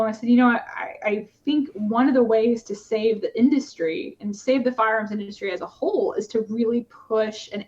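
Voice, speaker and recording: A woman, a competitive shooter, talking casually in a podcast interview, with many fillers and restarts. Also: a little high. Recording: slightly dull lo-fi podcast audio.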